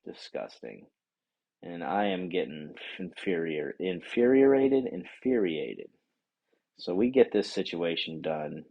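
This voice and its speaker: Guy venting about his awful day, swearing a ton, lowish voice, does voices for everyone. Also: a little slow, gravelly, slightly rough, dull audio. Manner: animated, swears a lot, acts out voices of others. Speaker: vlogger. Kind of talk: profane ranting storytime.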